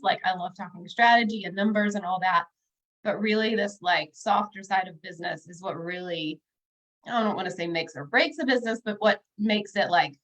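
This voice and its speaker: A woman's voice: on the low side, fairly bright tone, rough recording. A woman in her thirties, a bookkeeper and business coach, talking casually and upbeat to viewers on a livestream, with plenty of fillers. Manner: chatty and upbeat, with frequent fillers, speaking directly to viewers.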